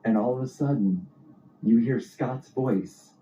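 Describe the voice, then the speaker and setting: A man telling a wry anecdote in an animated storytelling style, in a dull, roomy clip. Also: mid-range voice, a little slow, slight background noise.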